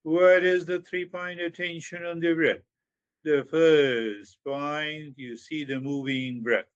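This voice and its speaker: A man teaching meditation at an unhurried, measured pace, repeating short phrases and stretching out words before rising sharply for emphasis. His voice sits in an ordinary middle register. The recording sounds dull and a little muffled. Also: fairly high pitch, steady tone, clear, resonant tone. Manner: slow and repetitive, with drawn-out phrases and sudden emphatic rises. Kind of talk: spiritual talk.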